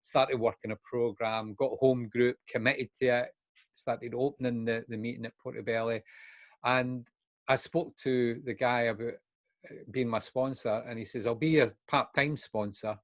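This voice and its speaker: A man's voice: mid-range voice, little pitch movement, moderate pace, dry recording. An older Scottish man telling his own story in a frank, unguarded way. He slips into the voices of the people he remembers as he goes. The recording is dry and close. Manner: frank, acts out remembered dialogue. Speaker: guest speaker in recovery. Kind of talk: candid personal storytelling.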